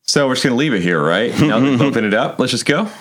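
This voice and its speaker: A man's voice: medium pitch, lively intonation, fast talker, fairly bright tone. A man playing a tabletop role-playing game, wry and skeptical in his remarks. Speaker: player. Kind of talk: casual game play chat.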